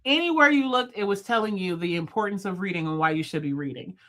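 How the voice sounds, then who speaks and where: A woman in her thirties hosting a livestream, chatting casually with viewers, fast-talking and playful. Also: medium pitch, lively intonation, bright, forceful tone. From United States. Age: 30s. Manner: talks fast, chatty and playful, laughs often. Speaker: livestream host. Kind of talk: casual live chat with viewers. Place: at home, in bed.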